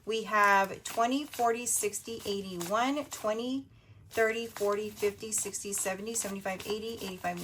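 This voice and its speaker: A woman in her thirties hosting a budgeting video, chatting casually while she counts cash out loud. Her voice is going a little hoarse. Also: medium pitch, noisy background. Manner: chatty, counts money out loud, quick asides.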